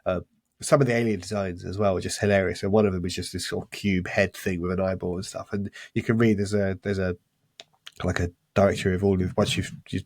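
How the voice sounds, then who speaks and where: A man's voice: sits low, level tone, fast, darkish tone, no room sound. A man co-hosting a casual podcast, talking enthusiastically and rambling with restarts. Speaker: podcast co-host.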